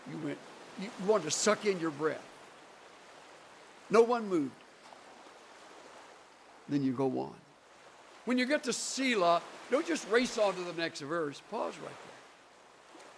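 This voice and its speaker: A man preaching a sermon slowly and emphatically, leaning on deliberate pauses and prayer. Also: sits high, sing-song, gravelly, a little hiss or hum. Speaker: pastor. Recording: sermon recording under ocean wave sounds.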